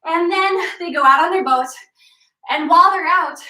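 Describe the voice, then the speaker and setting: Young female fitness instructor, high and bright, playful storyteller cueing moves; off-mic in a roomy space. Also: normal speed, distant mic. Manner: energetic, playful, retelling a legend while cueing moves. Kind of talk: live workout class with storytelling. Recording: echoey room, voice off-mic.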